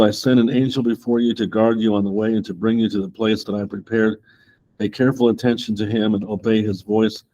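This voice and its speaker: Male Bible class teacher, low and mellow, reads verses steadily and adds casual, rambling commentary. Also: poor audio. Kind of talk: Bible study lesson, reading scripture with commentary.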